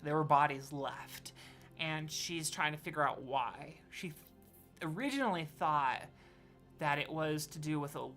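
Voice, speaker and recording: Low-voiced woman game master. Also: unhurried, a bit bright, faint music behind. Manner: rambling, self-correcting. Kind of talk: narrating a tabletop game.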